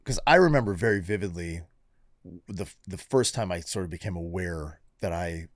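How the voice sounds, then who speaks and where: A man in his forties co-hosts a podcast, telling candid personal stories in casual conversation and swearing freely. His low voice is expressive and moderately paced, captured in studio quality with no room sound.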